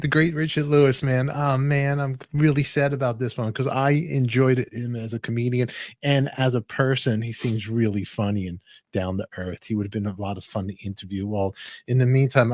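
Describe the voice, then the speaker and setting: A man's voice: mid-range voice, darkish tone, no room sound. A man hosting a news commentary vlog, talking in a plain-spoken, somber way. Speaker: host.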